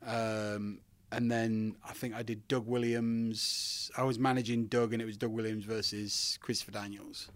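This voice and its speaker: A man's voice: lowish voice, level tone, moderate pace, dry recording. A British man, a former wrestler, telling stories as a guest and laughing often. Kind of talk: casual storytelling.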